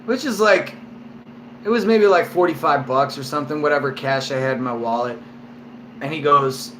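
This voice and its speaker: A man's voice: fairly high pitch, moderate pace, fairly bright tone, a little hiss or hum. Tipsy man swearing through a rambling story. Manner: rambling and heavily profane, lots of fillers. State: a little drunk. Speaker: vlogger. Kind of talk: casual storytelling to camera. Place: at home, indoors.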